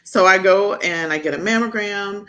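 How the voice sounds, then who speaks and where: A middle-aged woman doctor, a podcast guest, telling a personal story frankly and animatedly, jumping up in pitch as she quotes others. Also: normal speed. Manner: animated, acts out quoted people with sudden high pitch; frank, candid.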